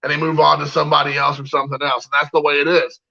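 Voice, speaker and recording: A man's voice: a little high, level tone, rapid-fire, vocal fry, bright, forceful tone, highs cut off. A man giving a heated, rambling opinion rant, repeating himself and leaning on fillers. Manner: heated, repetitive, many fillers. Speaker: card collector vlogger.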